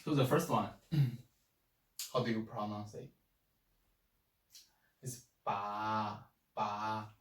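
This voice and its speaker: Guy teaching pinyin super slowly, says each sound over and over, kinda far from the mic, echoey room. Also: lowish voice, steady tone. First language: Chinese. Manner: patient, repeats syllables many times. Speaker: Chinese language teacher. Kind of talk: slow spoken language lesson.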